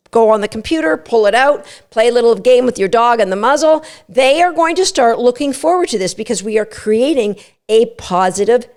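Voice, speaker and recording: Upbeat woman dog trainer, bit high voice, walks you thru steps over and over. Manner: energetic, instructive, repeats steps. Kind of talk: podcast training lesson.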